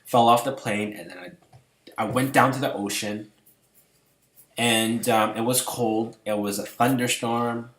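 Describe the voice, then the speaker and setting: A man casually telling stories about his dreams to camera, rambling with many fillers and swinging between hushed and loud. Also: mid-range voice, steady tone, measured pace, reverberant. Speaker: vlogger. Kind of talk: casual storytelling.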